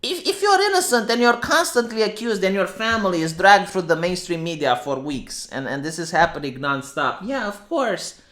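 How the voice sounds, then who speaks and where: A man's voice: high voice, sing-song, moderate pace, few pauses, fairly bright tone. A man with a Romanian accent giving opinionated, sarcastic livestream commentary, often restarting his sentences. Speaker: streamer.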